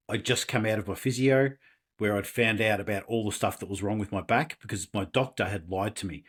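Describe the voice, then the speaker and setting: A middle-aged man, a podcast guest, candidly telling his life story in a rambling way with many restarts. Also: on the low side. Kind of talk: personal storytelling in an interview.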